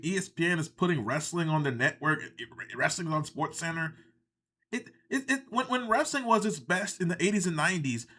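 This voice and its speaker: A man's voice: on the high side, fairly bright tone. A man hosting a live reaction stream, ranting in casual, sarcastic and profane commentary, audibly exasperated.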